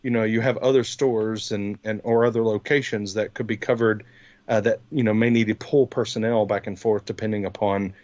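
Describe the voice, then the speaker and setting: A man's voice: lowish voice, steady tone, brisk, a little mellow, dry recording. Hesitant man on a dull, dry mic. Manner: hesitant, filler-heavy. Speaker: podcast co-host. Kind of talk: casual tech chat.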